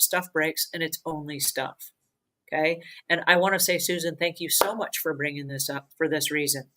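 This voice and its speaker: A woman hosts a cleaning advice show in an earnest, conversational way. Her voice is bright and a little sharp, and she hammers her points home with repetition and emphasis. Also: on the low side, rough recording.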